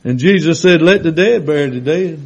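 Folksy preacher, high-toned. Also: male voice, animated, gravelly, slightly rough, low-quality recording. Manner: folksy, conversational preaching that swells to loud, drawn-out emphasis on scripture. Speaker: pastor. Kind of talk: sermon. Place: church sanctuary with congregation.

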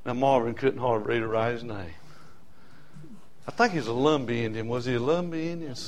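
A man preaching a storytelling sermon, dropping to hushed asides and rising to shouted hollers. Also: mid-range voice, brisk.

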